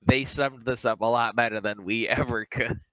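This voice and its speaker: A man co-hosting a casual wrestling podcast, talking in an animated, joking way and slipping into quick impressions. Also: medium pitch, no room sound. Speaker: podcast co-host. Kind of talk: casual wrestling review chat.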